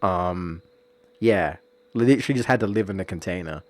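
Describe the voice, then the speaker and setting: A man's voice: low-pitched, moderate pace, no echo. A man, streaming and chatting casually, rambling with many fillers and restarts. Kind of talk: casual chat about a story.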